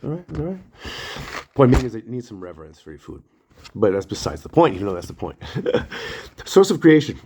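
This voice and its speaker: Over a noisy background, a man with a fairly low voice speaks briskly with frequent pauses in a casual, rambling monologue. He tells stories animatedly, acts out quotes, swears freely, and is self-deprecating, often apologizing and laughing at himself.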